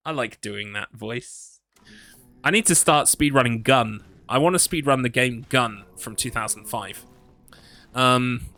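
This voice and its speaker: An English horror-game streamer speaks in an animated, bright, forceful medium-pitched voice at a slightly slow pace. He rambles casually, teases himself while reading his chat, and talks to himself.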